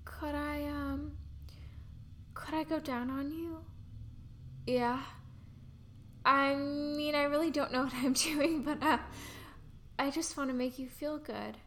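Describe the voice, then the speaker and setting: A young woman performing an intimate audio role-play, breathy and pleading with soft giggles. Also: sits high, steady tone, slow, long pauses, a little hiss or hum.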